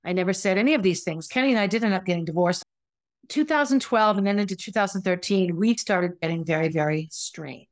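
A middle-aged woman with a medium-pitched voice, recorded without room sound, hosts a podcast. Her monologue is a candid, conversational account of her own experience, complete with acted-out quotes.

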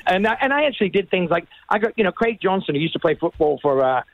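A man with an Australian accent tells long, animated anecdotes down a phone line. His voice sits high and he talks quickly, laughing at his own tales. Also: a little hiss or hum. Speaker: guest. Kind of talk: casual storytelling.

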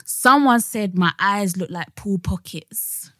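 A woman's voice: mid-range voice, takes it slowly, no echo, clean studio sound. A young woman co-hosting a podcast, telling stories in casual chat full of slang. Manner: animated storytelling with slang and laughter. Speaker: podcast co-host.

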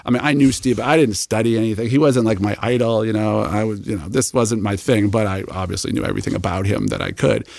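A man telling a story as an interview guest, animated and acting out the people he quotes. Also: lowish voice, fast talker, gravelly, few pauses, no echo, studio quality.

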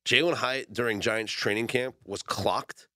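A man co-hosting a sports talk show, joking and chatting in a lively way. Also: lowish voice, unhurried, no room sound, clean studio sound. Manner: animated, joking.

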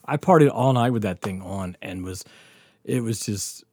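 A man's voice: on the low side, normal speed, slightly rough, no room sound. A man, telling a rowdy story on his podcast, laughing often and swearing freely. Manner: animated, laughing often, profane. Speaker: podcast host telling stories. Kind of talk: casual storytelling.

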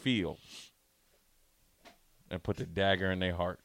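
A man's voice: low-pitched, fairly even intonation, takes it slowly, vocal fry, fairly bright tone, no echo. A man talking sports in a playful, riffing debate, spinning out game scenarios. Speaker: sports talk host.

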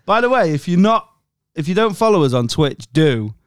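A man's voice: high voice, very animated, moderate pace, clean tone, dry recording, studio quality. Laughing jokey man. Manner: jokey, laughs often, slips into silly voices. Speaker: podcast co-host. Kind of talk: casual chat. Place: home room.

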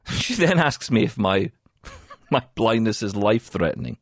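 A man from the UK co-hosting a podcast in casual chat, telling a story in an animated way and often laughing. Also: lowish voice, a little slow, no echo, clean studio sound. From United Kingdom. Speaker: podcast co-host.

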